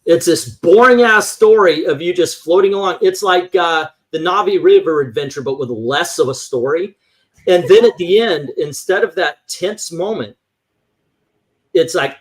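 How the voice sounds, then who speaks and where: A man's voice: sits high, normal speed. A man talking in a casual livestream chat, ranting animatedly and acting out voices as he tells a story. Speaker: livestream co-host.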